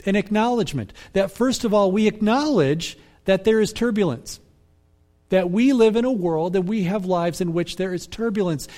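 A man preaching a sermon as pastor, in a measured, reflective way that repeats phrases for emphasis. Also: high-pitched, dark tone.

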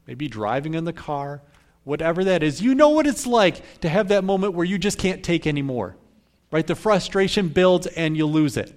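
A male pastor delivering a sermon in an easy, conversational manner, often tossing "right?" back to his listeners. His voice sits a little high for a man.

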